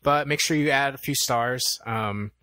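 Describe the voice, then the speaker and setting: Young male podcast co-host, mid-pitched, bright and punchy, loose and conversational, recorded dry. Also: a little slow, dry recording. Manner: easygoing, thinks aloud with many "um"s. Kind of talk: casual film review chat.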